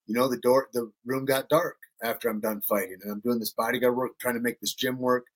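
A husky-voiced, middle-aged man from Northern Michigan spins casual stories as a podcast guest. His pitch sits in the middle range, and he swears freely and acts out the people he quotes. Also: fairly even intonation, a little fast. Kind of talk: casual storytelling.

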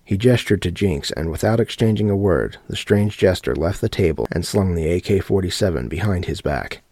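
A man narrating a horror story audiobook in a steady, matter-of-fact reading. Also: sits low, a little fast, dry recording.

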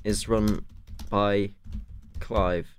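Deadpan low-voiced man brainstorming. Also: extremely slow, slight background noise. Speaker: co-writer. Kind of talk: casual comedy brainstorming.

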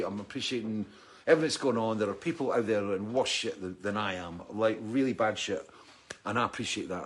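A man's voice: medium pitch, husky. A middle-aged man with a Scottish accent, hosting a weekly video chat and ranting with plenty of swearing. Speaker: vlog host.

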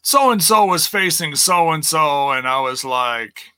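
Podcast host, male, bright forceful tone, dry close sound, casual swearing rant. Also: animated, takes it slowly, clean tone, no echo. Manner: ranting, swears freely, mocks others in a high voice.

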